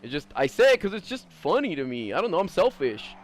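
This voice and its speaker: A young man chats on his livestream in a higher-than-usual voice that swings widely up and down. He is blunt and profane and rambles through his thoughts with a steady stream of fillers. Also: fast, hardly any pauses. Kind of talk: casual livestream chat.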